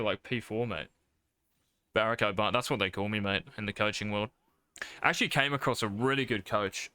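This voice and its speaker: A man's voice: mid-range voice, sharp tone, smooth, no room sound. A man coaching a player over a live stream, blunt and profane, calling his student mate. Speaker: game coach.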